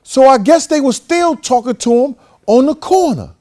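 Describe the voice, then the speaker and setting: A man's voice: extremely high pitch, expressive, normal speed, darkish tone. A man hosting a show who tells a story casually and with animation. He swears often and acts out the voices of the people in it. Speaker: host.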